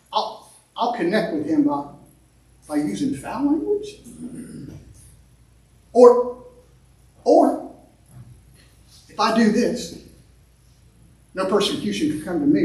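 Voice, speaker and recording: A man delivers a sermon in a high, animated voice, repeating words as he builds and then dropping quiet. He is heard from some distance in a church sanctuary, with heavy echo around every phrase. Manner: animated preaching, repeats words, swings between loud and quiet. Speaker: pastor. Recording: echoey sanctuary, mic at a distance.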